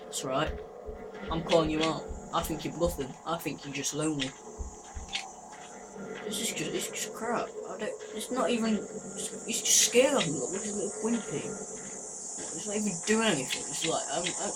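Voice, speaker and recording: Young guy playing a horror game, kinda high voice, noisy recording, jumpy and screamy. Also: moderate pace. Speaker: gaming YouTuber.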